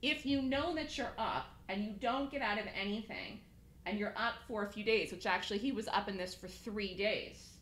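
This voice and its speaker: Bright-voiced woman coaching traders. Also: medium pitch, echoey room, low-quality recording. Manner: fast, emphatic, laughs easily, repeats points. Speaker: trading room host. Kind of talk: live trading room coaching.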